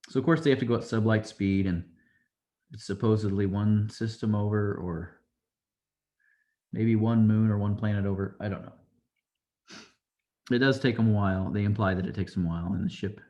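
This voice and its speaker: Guy with a lowish voice retelling an episode, loose and chatty, does little character quotes. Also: steady tone, a little fast, long pauses, mellow. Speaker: show reviewer. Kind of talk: casual episode recap.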